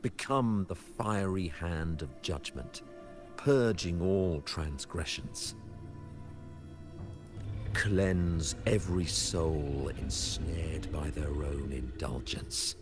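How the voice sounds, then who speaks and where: Grave zealot priest, very deep and slow, ceremonial, game cutscene. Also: male voice, full character voice. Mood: solemn. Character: solemn zealot man proclaiming a fiery rite. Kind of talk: game voice acting. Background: music.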